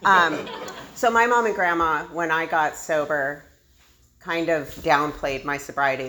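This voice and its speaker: A woman's voice: sits low, a little slow, pushed and bright, slight background noise. A woman candidly telling her own recovery story, self-deprecating and laughing often. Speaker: speaker sharing a recovery story. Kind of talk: personal storytelling.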